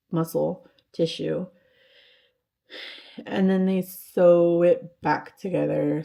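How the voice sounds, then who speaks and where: A woman in her thirties talks to camera in a halting, hesitant way, full of fillers and false starts. Her voice is gravelly and mellow. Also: fairly low pitch. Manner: halting, with many fillers and restarts. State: tearful, voice breaking at times. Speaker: vlogger. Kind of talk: personal vlog, talking to camera.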